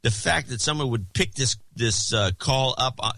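A man in a casual talk-show chat, wandering through his point with pauses and restarts. His voice sits at an ordinary middle pitch and is recorded close and dry, with no room sound around it. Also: expressive, bright, forceful tone, dry recording. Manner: rambling, frequent restarts and asides. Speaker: podcast co-host.

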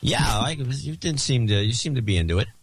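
A man's voice: medium pitch, animated, brisk, over loud music. A man co-hosting a podcast in casual chat, making dry, wry remarks. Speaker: podcast co-host.

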